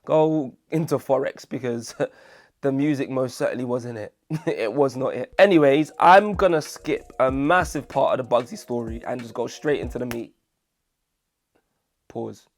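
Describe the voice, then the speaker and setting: A man's voice: mid-range voice, lively intonation, moderate pace. A man hosting a casual commentary video, jokey and self-deprecating, full of chatty asides. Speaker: video essay host.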